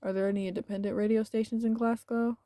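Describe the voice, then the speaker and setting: A woman's voice: a little high, flat delivery, fast talker, warm tone, no echo, studio quality, lightly acted. A woman voicing a polite young adult French woman who asks questions in a game. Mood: inquiring.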